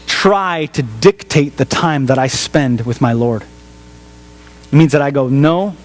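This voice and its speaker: A man, a pastor, preaching a sermon in an animated storytelling way, repeating phrases for emphasis. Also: mid-range voice, poor audio. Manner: animated storyteller, acts out voices of family and friends.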